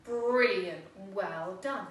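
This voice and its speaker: An English woman, an infant school teacher, giving a phonics lesson to young children in a slow, sing-song, encouraging way and sounding words out. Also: mid-range voice. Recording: echoey room, voice from a distance, faint background noise.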